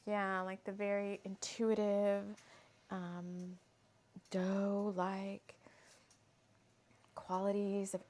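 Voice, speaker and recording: A woman's voice: mid-range voice, a little mellow. A woman hosting a casual spiritual craft session, chatty and giggling often as she repeats her ingredient list aloud. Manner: giggly, laughs often mid-sentence. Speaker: host.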